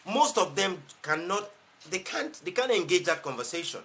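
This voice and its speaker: A man's voice: high voice, big pitch swings, moderate pace, a bit bright. A man with a Nigerian English accent gives a motivational talk on a live stream as a life coach, emphatic and fond of repeating his key phrases.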